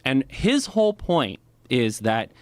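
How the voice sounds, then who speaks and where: A man's voice: mid-range voice, very animated, slow pace, clean tone, no echo. A man explaining at length as a podcast guest, lecturing with many "right?" and "you know" asides.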